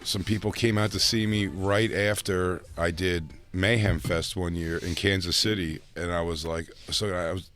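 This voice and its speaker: A man's voice: sits low, fairly even intonation, moderate pace, hardly any pauses, a bit bright, soft background music. A man hosting a podcast in casual banter, joking and breaking into mock voices. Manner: jokey, bursts into mock voices. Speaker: podcast host.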